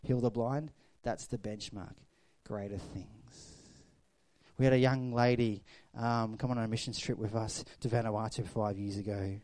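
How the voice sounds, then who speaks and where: Male pastor, middle-aged, sermon delivery, warm low-key tone, goes loud then hushed. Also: fairly even intonation, unhurried, no echo. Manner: storytelling preacher, swings from loud to hushed.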